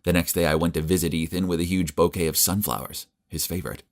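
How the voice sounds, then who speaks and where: Young man, deep low voice, earnest scripted first-person narrator for an animated story. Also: fast talker.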